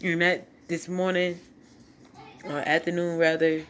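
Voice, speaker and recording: A tearful woman vlogger records a casual, emotional testimony on her phone at home at night, laughing and preaching as she cries. Her voice sits on the low side, flat and unhurried, with a faint hiss or hum in the background.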